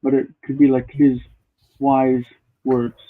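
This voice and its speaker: A man's voice: mid-range voice, monotone, takes it slowly. Man teaching Hebrew over a tinny call. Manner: explanatory, thinks aloud with restarts. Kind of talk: live online grammar class. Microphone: video call. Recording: tinny phone-like call audio.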